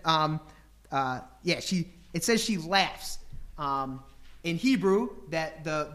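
A man preaches a sermon in an animated way, leaning into rhetorical questions. He acts out voices and bursts of laughter to make his points. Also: a little high. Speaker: preacher teaching scripture.

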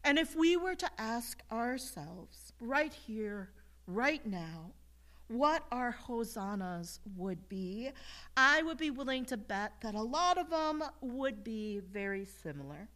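Bright-voiced woman preaching a sermon. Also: a little high, sing-song, slow. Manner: leads call-and-response with congregation; earnest, rising to emphatic shouts. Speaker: pastor. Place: church.

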